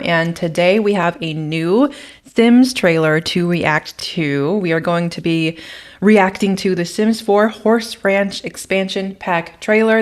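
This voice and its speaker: A young woman YouTuber reacting to a game trailer in a bubbly, chatty way, gasping and giggling as she talks. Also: lowish voice. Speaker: gaming YouTuber.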